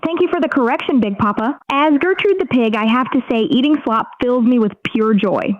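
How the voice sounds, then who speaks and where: A woman's voice: a little high, a little fast, dry recording, narrow, tinny audio, lightly acted. A text-to-speech woman voicing an eager, polite AI assistant. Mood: polite cheerful. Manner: polite, eager-to-please, formal phrasing. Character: cheerful female AI assistant role-playing as a pig.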